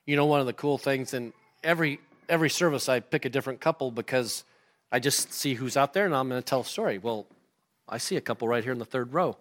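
A man preaching a sermon to his congregation in a lively, animated way, acting out the people in the scripture. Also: mid-range voice, fast. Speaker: pastor. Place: church sanctuary.

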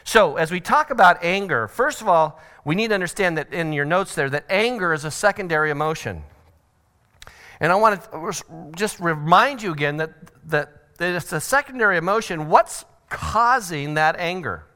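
A middle-aged man teaching a parenting seminar at church, animated and acting out family scenes with sudden shouted voices. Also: on the high side, moderate pace.

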